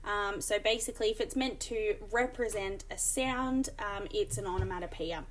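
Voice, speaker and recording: A woman's voice: mid-range voice, normal speed, slight background noise. A woman teacher explaining a lesson and reading examples aloud, with frequent ums. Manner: explanatory, many fillers, reads examples aloud. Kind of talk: recorded classroom lesson.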